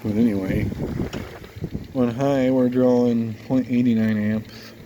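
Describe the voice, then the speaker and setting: Over a noisy background and dull audio, a fan collector with a cold sounds congested and nasal as he demonstrates and tests a vintage fan in a casual show-and-tell vlog. His mid-range voice is slow and flat. He rambles in an easygoing way, thinking aloud with fillers.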